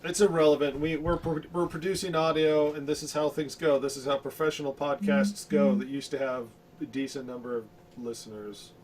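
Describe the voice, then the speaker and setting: A man's voice: a little high, little pitch movement, a little fast, darkish tone. A man co-hosting a casual podcast with dry, sarcastic jokes. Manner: wry, sarcastic, joking. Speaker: podcast co-host.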